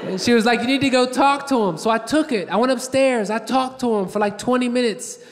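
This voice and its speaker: A man's voice: extremely high pitch, a little fast. A man doing a stand-up comedy set on a theater stage, telling brash, profane stories and acting out what people said. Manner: brash, profane storytelling with acted-out quotes. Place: large theater stage before a live audience. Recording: live theater with long reverb. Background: audience laughter.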